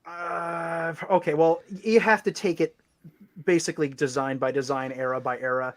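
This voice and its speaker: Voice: medium pitch, fairly even intonation, normal speed. A stream guest in casual chat, rambling and restarting sentences, laughing often. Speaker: stream co-host.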